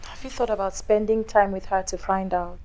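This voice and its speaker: Actress as a calm female therapist, mid-pitched voice, gentle questions. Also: a little fast, close to an everyday voice. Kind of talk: film acting.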